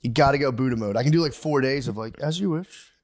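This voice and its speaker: A man's voice: mid-range voice, fast. A man in his thirties, a podcast co-host rambling in casual chat and acting out his own thoughts.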